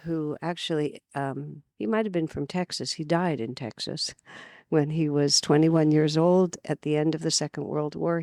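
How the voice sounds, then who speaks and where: A woman from California giving an earnest spiritual talk at a retreat, telling stories with lively emphasis. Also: sits low, creaky, no echo, clean studio sound. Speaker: spiritual teacher. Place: retreat gathering.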